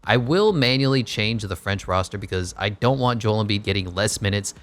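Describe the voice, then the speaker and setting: A man's voice: on the low side, expressive, fairly quick, a bit bright. A man giving casual play-by-play commentary over a basketball video game, with wry joking asides. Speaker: gaming YouTuber.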